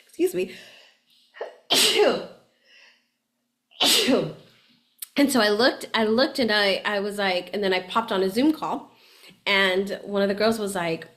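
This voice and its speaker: A chatty woman coaching her listeners in a relaxed podcast talk. She is animated, laughs easily, and keeps checking in with "right?" at a middle pitch. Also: slow pace, pauses often. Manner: laughs often while talking. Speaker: podcast host and spiritual coach.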